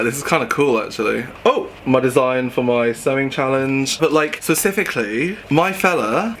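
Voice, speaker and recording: A man's voice: medium pitch, sharp tone, a little hiss or hum. A young man and drag performer chatting casually and campily while doing a makeup tutorial, laughing often as he gossips.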